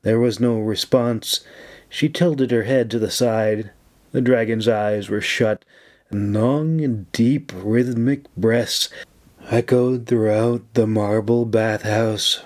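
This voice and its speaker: A man reading a fantasy audiobook chapter in a measured, unhurried narration. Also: lowish voice, fairly even intonation, darkish tone.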